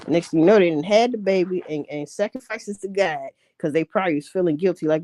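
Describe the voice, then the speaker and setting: A woman's voice: lowish voice, expressive, a little fast, hardly any pauses, warm tone, no echo. A woman ranting in a casual commentary, blunt and heavy on profanity. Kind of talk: casual rant.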